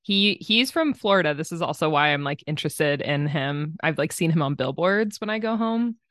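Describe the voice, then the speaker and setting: A woman co-hosting a podcast, chatting in a brisk, playful way. Her voice is a touch low and sounds dry and close, with no room echo. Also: expressive, fairly bright tone. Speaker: podcast co-host. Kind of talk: casual chat.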